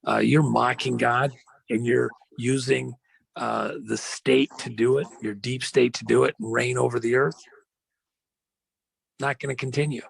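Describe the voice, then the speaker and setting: A man telling a story dramatically, rambling with many fillers and slowing down for emphasis. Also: mid-range voice, steady tone, creaky, poor audio. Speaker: guest.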